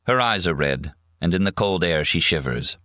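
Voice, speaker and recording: Male audiobook narrator, low and crisp, dry booth sound. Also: animated, moderate pace, pushed and bright, no room sound. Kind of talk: scripted narration.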